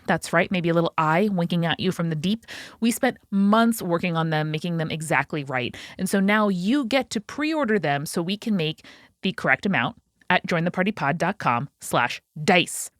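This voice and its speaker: A woman hosting a podcast, reading sponsor news and announcements in an excited, slightly breathless way. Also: on the low side, no echo, clean studio sound. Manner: excited, fast, a little out of breath. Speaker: podcast host. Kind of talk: upbeat sponsor and announcements read.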